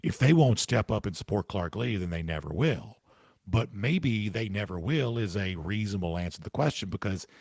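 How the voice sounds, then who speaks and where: Man, sports talk host, deep gravelly voice, husky tone, opinionated, conversational, hiccups. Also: a little mellow, no echo. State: has the hiccups. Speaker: podcast host answering listener comments. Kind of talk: casual opinion commentary.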